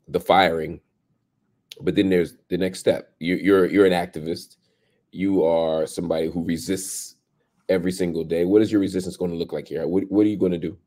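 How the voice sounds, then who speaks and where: A man's voice: low voice, warm tone. A man hosting an interview, asking probing, challenging questions. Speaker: host.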